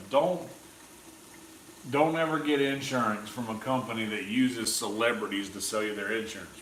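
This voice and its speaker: A man's voice: fairly low pitch, a bit bright, far from the mic. An opinionated man rambles casually on a cooking livestream, swearing as he goes. He sits a bit back from the mic in a roomy space with a faint hum behind him. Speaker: streamer host. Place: indoor kitchen.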